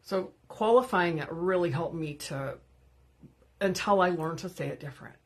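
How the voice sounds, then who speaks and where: A woman's voice: lowish voice, normal speed. Candid woman hosting a livestream. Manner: candid, conversational, greets viewers by name. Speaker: livestream host. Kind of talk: unscripted live talk.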